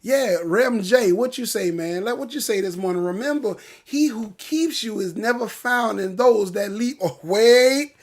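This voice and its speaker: A man hosting a casual morning livestream, greeting viewers and breaking into animated preaching. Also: high-pitched, unhurried, hardly any pauses. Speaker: livestream host.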